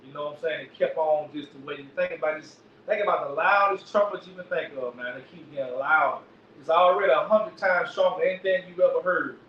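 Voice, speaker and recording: A man's voice: a little high, fairly quick. A man teaching the Bible in an emphatic preaching style, often asking "right?" to his listeners. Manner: emphatic, repeats lines, asks "right?" often. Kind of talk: street-preaching bible lesson. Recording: echoey, distant, dull lo-fi recording with faint noise.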